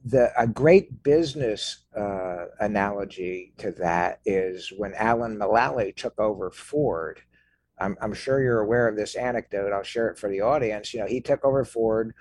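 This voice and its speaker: A man hosting an interview podcast who retells a business anecdote in an animated way. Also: lowish voice, normal speed, slight background noise. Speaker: podcast host. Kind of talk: interview conversation.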